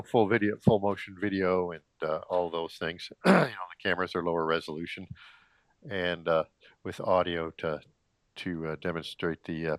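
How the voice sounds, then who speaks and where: Low-voiced man rambling through filler sounds. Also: a bit bright, no room sound. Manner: halting, heavy with filler sounds and restarts; frequent throat clearing. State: slightly out of breath. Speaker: vlogger. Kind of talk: rambling casual monologue. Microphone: cheap wireless gaming headset.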